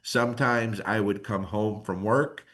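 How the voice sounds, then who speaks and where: Emotional, animated low-voiced man. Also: a little slow. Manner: casual, slangy. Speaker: guest dog trainer. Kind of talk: podcast conversation.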